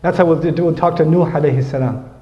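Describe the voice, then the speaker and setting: Fast-talking, animated male preacher. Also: on the high side. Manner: animated, conversational, acts out quotes. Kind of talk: sermon. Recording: echoey hall, dull lo-fi sound.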